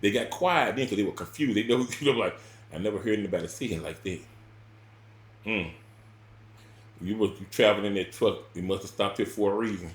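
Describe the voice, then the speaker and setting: A man telling a personal story in casual spoken style, rambling and repeating words, with sudden loud bursts and quiet drops. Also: on the low side, a little fast, pauses often, reverberant.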